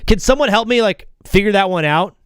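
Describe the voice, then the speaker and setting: Lively, rambling male sports show host. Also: high-pitched, a little fast, smooth, no room sound, studio quality. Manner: animated, rambling, self-interrupting, jokey. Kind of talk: casual live sports talk show.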